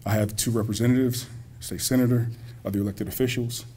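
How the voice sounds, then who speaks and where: This college president talks fast in a medium-pitched, dark, slightly rough voice with fairly even intonation. He's folksy and full of jokes, speaking directly to the audience during a public speech at a community banquet in a school hall.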